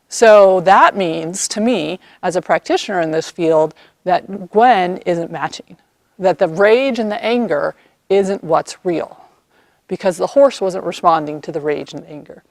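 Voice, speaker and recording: A woman equine therapy practitioner, an animated storyteller who acts out the people in her story, recorded outdoors by horses on a camera mic. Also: on the low side, normal speed, no echo. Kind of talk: storytelling vlog.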